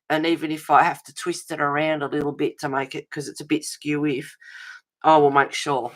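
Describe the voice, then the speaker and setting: A woman's voice: low voice, level tone, fairly quick. A middle-aged woman hosting a casual livestream at her table at home, chatting with viewers and calling them darling and sweetie. She calls herself fussy and pedantic. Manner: chatty, answers viewers' comments with endearments; self-described fussy and pedantic. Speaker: livestream host of a colouring channel. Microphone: webcam.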